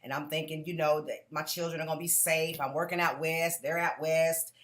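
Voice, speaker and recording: Woman, lowish voice, earnest testimony that speaks straight to the crowd. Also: level tone, fairly quick. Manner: earnest, direct, keeps calling out to the audience. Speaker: conference speaker giving a testimony. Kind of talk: personal testimony to a live audience.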